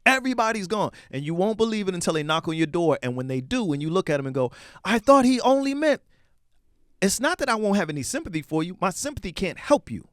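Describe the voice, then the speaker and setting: A man co-hosting a podcast, talking in a lively, swinging pitch that sits a bit high. He argues hard and swears freely, piling up rhetorical questions. His voice is dry and close. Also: fast talker, hardly any pauses, dry recording. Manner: animated, profane, rhetorical. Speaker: podcast co-host. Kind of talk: heated casual discussion.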